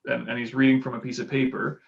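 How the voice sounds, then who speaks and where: Male speaking coach, gravelly voice, a bit high, breaks down delivery casually, acts out quick examples, dull lo-fi audio. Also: level tone. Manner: demonstrates delivery with acted example lines. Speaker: speaking coach commenting on clips. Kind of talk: casual analytical commentary.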